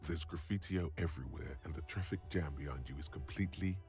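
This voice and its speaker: An actor voicing a grave male inner-voice narrator in a detective game, measured and wry. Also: a bass voice, a little mellow, faint music behind.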